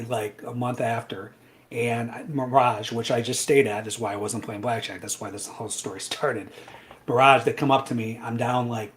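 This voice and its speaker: A man casually telling a long personal story, animated, with frequent asides like "right?" and "I'm like". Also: medium pitch. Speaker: trading educator guest.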